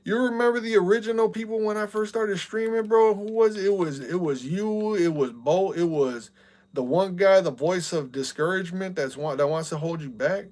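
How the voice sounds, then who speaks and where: A man's voice: sits high, normal speed, a little mellow. A young man streaming and chatting casually, venting with heat and repeating "bro" and "man" a lot. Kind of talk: casual chat.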